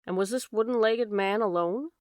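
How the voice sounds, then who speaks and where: A woman voicing a shrewd, calm gentleman detective in an audiobook reading, measured and crisp. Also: medium pitch, no room sound, clean studio sound, natural voice. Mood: coaxing.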